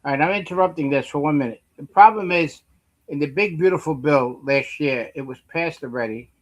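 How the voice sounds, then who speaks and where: A man's voice: fairly high pitch, fairly quick, poor audio. A man with a Brooklyn accent, co-hosting a casual chat, telling stories in a rambling way that repeats phrases and swears. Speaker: co-host.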